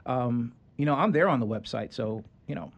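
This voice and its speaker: A man being interviewed as president of a children's nonprofit, talking in a conversational, animated way with lots of fillers and restarts. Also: mid-range voice, moderate pace, highs cut off. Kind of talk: casual interview.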